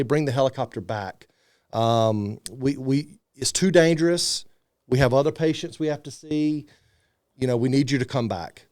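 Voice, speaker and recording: A man in his thirties appears as a podcast guest, recounting a personal story casually and with lots of energy, acting out the people he quotes. His voice is mid-range, and the sound is studio quality with no echo.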